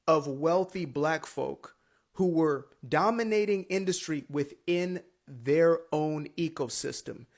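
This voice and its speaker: Gravelly, higher-pitched lecturing man. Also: slow. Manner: lecturing, rebuttal with dates and facts. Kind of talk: commentary video.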